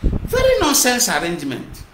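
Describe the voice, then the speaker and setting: With a high-sitting, fairly bright voice that swings hugely in pitch, this Nigerian Igbo-accented activist broadcaster speaks at normal speed. He gives an impassioned, repetitive monologue mixing English and Igbo in an echoey room with clear noise.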